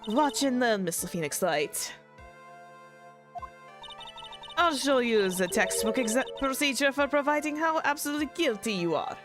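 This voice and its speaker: A woman's voice: high-pitched, lively intonation, a little fast, over music, pitched above the performer's own voice. A woman voicing an arrogant young female prosecutor, imperious and scornful, with a put-on French-tinged lilt. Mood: haughty. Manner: imperious, clipped, looks down on everyone.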